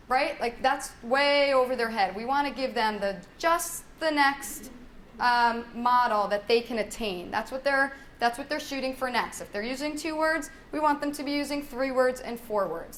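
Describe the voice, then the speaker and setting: A woman's voice: a little high, a bit bright, a little hiss or hum. A young adult woman, a speech-language pathologist, leading a parenting workshop in a conversational way, often asking "right?" and modeling child talk in a lilting singsong. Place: workshop room.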